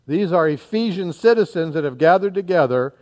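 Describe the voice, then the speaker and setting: High-voiced man preaching a sermon. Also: a little fast. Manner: animated, acts out the crowd, dropping to low asides. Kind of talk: expository sermon reading scripture.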